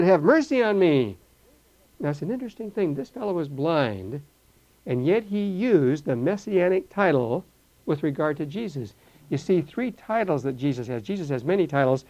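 Older man, Bible teacher, animated, acts out voices, mellow tone, dull lo-fi sound. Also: mid-range voice, creaky.

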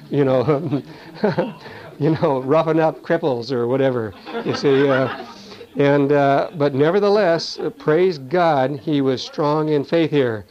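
A man's voice: on the high side, takes it slowly, darkish tone. A man teaching a Bible sermon in a conversational way, often adding "you see" and "you know.". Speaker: preacher. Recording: dull lo-fi recording.

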